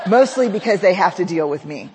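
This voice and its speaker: A woman telling a personal story to an audience, lively and acting out the dialogue she quotes. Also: on the low side, a little hiss or hum. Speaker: public speaker. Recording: long reverb of a large hall.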